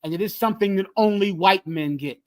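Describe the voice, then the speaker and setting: A man's voice: sits high, brisk. Fiery man preaching with repeated phrases. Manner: emphatic, repeats phrases, swings from loud to hushed. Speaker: group leader teaching scripture. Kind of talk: fiery street-style preaching.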